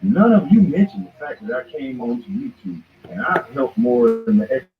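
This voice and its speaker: A man's voice: mid-range voice, very animated, normal speed. A man hosts his own show with a heated, combative rant, calling out his target again and again. His voice sits in a middle range. The sound is thin and phone-like, with a faint hiss underneath. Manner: heated, confrontational, repeats "boy". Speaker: show host. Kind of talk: ranting commentary monologue. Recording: tinny phone-like line with faint noise.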